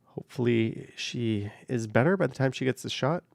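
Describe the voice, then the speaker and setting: Gravelly man chatting from a car. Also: mid-range voice, animated, normal speed, dry recording. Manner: offhand, rambling, hedges with "I don't know". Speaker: livestream host. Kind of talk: casual live chat, reading viewer comments. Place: in a car while driving on a highway. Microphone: camera on a car mount.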